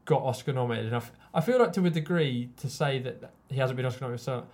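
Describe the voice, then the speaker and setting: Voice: mid-range voice, fast talker, darkish tone. A co-host chatting casually about films in loose, rambling sentences. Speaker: podcast co-host. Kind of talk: casual film chat.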